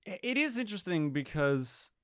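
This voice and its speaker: A man co-hosting a casual chat, rambling with halting restarts. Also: sits high, very animated, no echo, clean studio sound. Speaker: podcast co-host.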